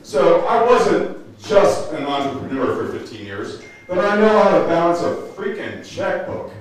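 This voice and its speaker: An indignant man in his sixties speaks at a town hall meeting, emphatic and cutting. His voice is a little high and sounds distant. Heavy echo from a large hall surrounds it. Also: sing-song, normal speed. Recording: echoey hall, mic far off.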